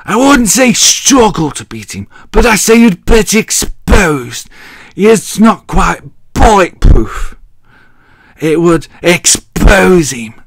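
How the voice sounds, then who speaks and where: A man with a deep voice, rambling jokily through a casual wrestling recap with self-mocking asides. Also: sing-song, slow, gravelly, dry recording, clean studio sound. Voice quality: deep, masculine. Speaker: wrestling vlogger.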